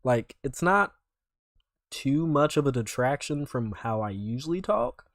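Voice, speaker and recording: A man's voice: mid-range voice, lively intonation, measured pace, no room sound, studio quality. A young man from North Carolina, streaming and commenting casually in a rambling, filler-heavy way. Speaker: streamer reacting to videos. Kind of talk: casual live-stream chat.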